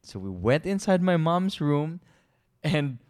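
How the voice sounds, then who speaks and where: Casual male co-host with a Filipino accent, lively storyteller. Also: on the high side, slow, smooth. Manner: animated storyteller, switches languages mid-sentence. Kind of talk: casual couple chat.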